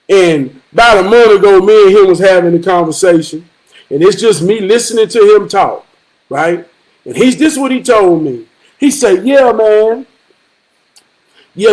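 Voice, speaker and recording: A man in his forties telling a personal story in an emphatic, profane way, moving from low and reflective to loud outbursts. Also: poor audio. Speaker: vlogger.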